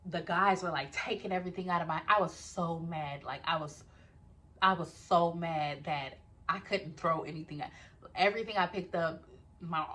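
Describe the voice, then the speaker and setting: A young woman chats through a storytime vlog in a casual, animated way. She talks straight to her viewers and swears freely. Her voice sits a little low for a woman. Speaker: vlogger telling a story.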